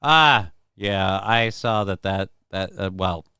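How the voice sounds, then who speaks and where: A man with a lowish, smooth, resonant voice hosts a casual livestream, chatting with viewers and reading out their comments. He rambles and swears freely, often poking fun at himself. The sound is dry and close. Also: takes it slowly, pushed and bright, no room sound. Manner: rambling, profane, self-deprecating. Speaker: livestream show host. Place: home.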